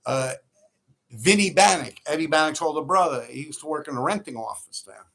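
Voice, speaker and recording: A man's voice: fairly high pitch, animated, a little fast, gravelly, a bit bright. A man who tells stories in a rambling, profane way on a livestream he hosts, laughing often. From New York City. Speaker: livestream host. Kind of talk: casual storytelling.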